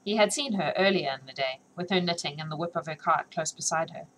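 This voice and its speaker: A woman's voice: low-pitched, quick pace, fairly bright tone, slight background noise, low-quality recording. A woman reading a novel aloud on a live stream, then chatting with viewers, laughing often and joking about herself.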